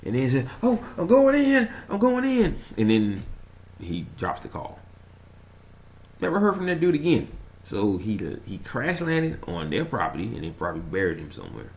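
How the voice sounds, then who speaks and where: A man rambling through a casual vlog monologue, telling a story in an animated way, chuckling and trailing off while he searches for words. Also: lowish voice, moderate pace. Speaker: conspiracy vlogger.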